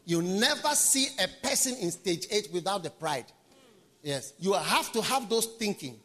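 High, bright-voiced preacher in a hall. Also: male voice, lively intonation, normal speed. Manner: emphatic, repetitive, dramatic swings. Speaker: pastor. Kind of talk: sermon. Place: large conference hall.

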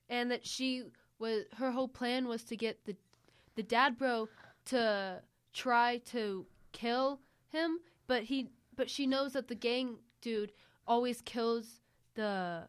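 A woman's voice: fairly high pitch, slow, clear, resonant tone. A young woman chatting casually, retelling a movie in a rambling way full of fillers. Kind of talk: casual chat.

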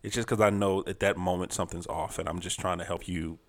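A man's voice: deep voice, steady tone, quick pace. A middle-aged man co-hosting a married couple's podcast, talking in a laid-back, earnest way. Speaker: podcast co-host. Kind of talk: casual chat.

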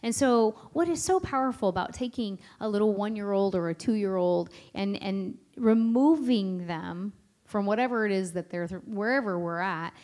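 Mellow woman adding to a talk. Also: mid-range voice. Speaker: parenting conference speaker. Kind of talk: conference talk.

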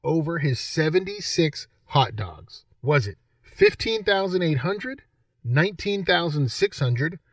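A man's voice: fairly high pitch, big pitch swings, a little slow, no echo, studio quality, far from the mic. A man hosting a game show segment on a sports podcast, joking and reading quiz questions aloud. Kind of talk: casual podcast banter.

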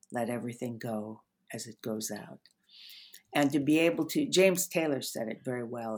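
An older woman with a strikingly deep voice reflects gently in an interview. She tells stories at an unhurried pace, letting her phrases fade softly at the ends. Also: slightly rough. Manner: gentle, unhurried storyteller with soft trailing endings. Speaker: author and therapist guest.

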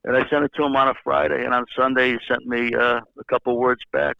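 A man's voice: mid-range voice, flat delivery, fast talker, gravelly, dry recording. An older man, a former baseball executive, telling long anecdotes in a rambling way with many fillers and restarts. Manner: rambling storyteller who repeats words and uses many fillers. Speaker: interview guest, former baseball general manager. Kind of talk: casual anecdotal storytelling. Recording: slightly dull lo-fi sound.

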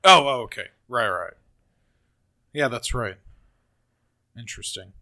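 Bright-voiced man chatting about films. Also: medium pitch, animated, measured pace. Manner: hesitant, many fillers and restarts, laughs. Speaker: podcast co-host. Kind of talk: casual movie discussion.

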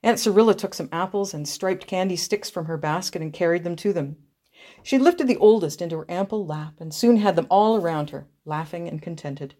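A woman reads a story aloud in a measured, expressive way. Her voice sits on the low side for a woman. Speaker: narrator.

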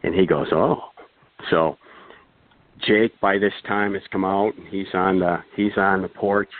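A low-pitched man settles into a rambling, chuckling story as a podcast guest, full of asides and fillers. His voice comes through a thin, phone-like line with no room sound at all. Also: steady tone, a little slow, no echo. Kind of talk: casual anecdotal storytelling.

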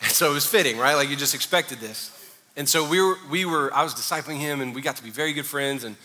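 A pastor preaches in a loose, joking style that feels like talking with the crowd. His voice is bright and sits a bit high for a man. It rings with a long reverb through a large church hall. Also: fast. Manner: humorous, conversational preaching. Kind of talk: sermon.

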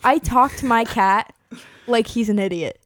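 A woman's voice: fairly high pitch, a little slow, no room sound, studio quality. A young woman co-hosting a podcast in casual chat, giggly and full of filler words. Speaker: podcast co-host.

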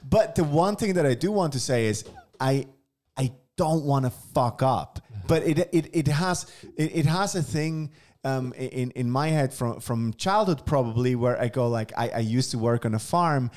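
A man's voice: mid-range voice, normal speed, a little mellow. A man co-hosting a casual podcast chat, thinking aloud in a reflective, self-deprecating way, often restarting his sentences. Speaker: podcast co-host, comedian.

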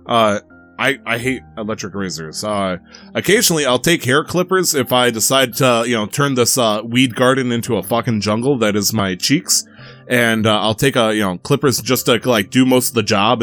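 A man's voice: mid-range voice, a little fast, fairly bright tone, soft background music. A man hosting a casual podcast, teasing his co-hosts and laughing often. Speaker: podcast host. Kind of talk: casual chat.

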